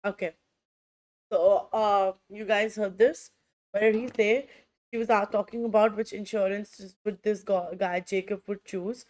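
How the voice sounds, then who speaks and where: A woman running an online exam-prep lesson. She speaks at a middle pitch and keeps a chatty, repetitive flow as she addresses her students directly. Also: steady tone, unhurried, darkish tone. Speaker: IELTS teacher.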